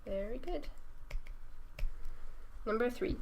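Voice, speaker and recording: A woman's voice: medium pitch, steady tone, normal speed, gravelly. A woman teaching Quranic Arabic grammar one on one, patient and affirming, checking each step with short prompts.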